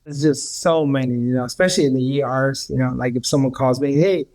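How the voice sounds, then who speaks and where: Creaky rambling male guest. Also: medium pitch, steady tone, brisk, darkish tone. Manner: rambling, repeats words, many restarts. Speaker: healer, podcast guest. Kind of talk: casual storytelling.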